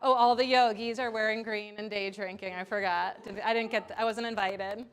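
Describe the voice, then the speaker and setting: A woman teaching a live yoga class in a studio, giving calm step-by-step cues with casual asides. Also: medium pitch, a little fast, smooth. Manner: calm cueing with chanted Sanskrit and casual asides.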